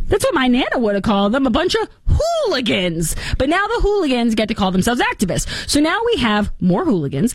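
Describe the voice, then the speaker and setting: A woman in her thirties hosting an opinionated talk show, animated and mocking in her delivery. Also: sits high, a little fast, hardly any pauses, no echo, clean studio sound. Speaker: host.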